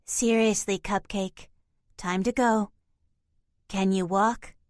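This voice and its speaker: A bossy little female pixie voiced by a woman gives brisk orders and coaxes with pet names. Her voice sits at a middle pitch and is recorded dry and close. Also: steady tone, dry recording, natural voice. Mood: coaxing.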